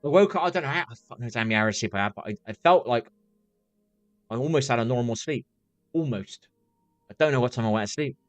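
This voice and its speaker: A man's voice: medium pitch, expressive, fast talker, pauses often, no echo, faint music behind. A man chatting casually on a live stream, rambling, swearing freely and repeating himself as he reacts to chat.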